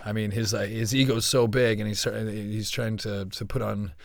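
A man's voice: on the low side, level tone, moderate pace, vocal fry, no room sound, clean studio sound. A man being interviewed, speaking in a laid-back, easygoing way, often hesitating and restarting. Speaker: guest. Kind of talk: casual interview chat.

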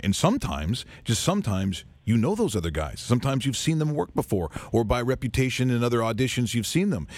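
A man's voice: mid-range voice, very animated, a little fast, few pauses, a little mellow, dry recording. A male radio host who interviews a guest in an eager, rambling way, with many restarts. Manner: enthusiastic, rambling, lots of restarts.

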